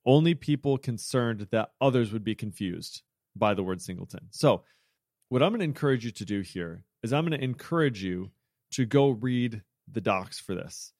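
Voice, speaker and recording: A man's voice: fairly low pitch, lively intonation, moderate pace, a little mellow, no echo, clean studio sound. A man hosting a podcast who explains programming features in a chatty way, correcting himself and joking along the way. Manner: chatty, self-correcting, jokey asides. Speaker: podcast host. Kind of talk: casual technical chat.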